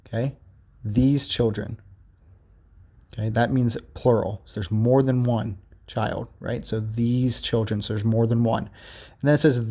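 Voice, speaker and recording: A male teacher giving a remote grammar lesson, reading examples from a workbook and explaining them slowly with frequent "okay?" check-ins. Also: medium pitch, steady tone, dark tone.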